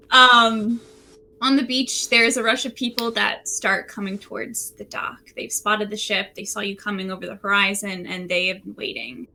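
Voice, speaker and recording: A woman narrating a tabletop game as game master, telling the scene in a relaxed way with frequent fillers, recorded at home. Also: medium pitch. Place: room at home by a window.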